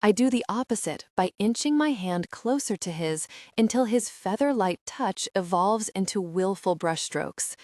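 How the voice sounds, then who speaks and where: A woman's voice: medium pitch, lively intonation, moderate pace, few pauses, a little mellow, no echo, clean studio sound. Woman narrating an emotional romance audiobook. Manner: intimate, emotional reading.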